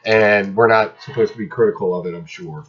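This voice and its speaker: A man's voice: fairly low pitch, fairly even intonation, brisk, fairly bright tone, a little hiss or hum. A man casually reviewing comic books, ranting sarcastically and exasperatedly about the ones he dislikes. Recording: slightly dull lo-fi audio.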